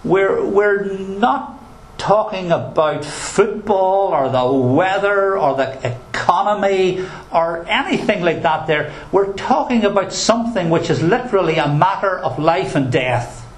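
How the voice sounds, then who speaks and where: A man's voice: high voice, expressive, measured pace. A male pastor preaching a sermon in an earnest, emphatic way, with touches of dry humor. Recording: roomy echo.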